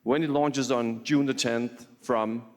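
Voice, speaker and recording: A company executive giving a measured, scripted promotional announcement. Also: male voice, medium pitch, fairly even intonation.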